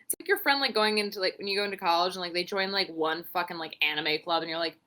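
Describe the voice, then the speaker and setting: A woman's voice: on the low side, quick pace. A young woman co-hosting a podcast, recapping wrestling in casual chat, swearing freely and acting out what people said. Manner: animated, swearing, acts out quotes. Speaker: podcast co-host.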